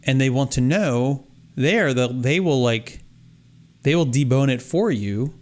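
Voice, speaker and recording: A man co-hosting a podcast, telling stories in a casual, animated, mock-exasperated way. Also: mid-range voice, unhurried. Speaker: podcast co-host. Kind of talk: casual chat. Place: Florida.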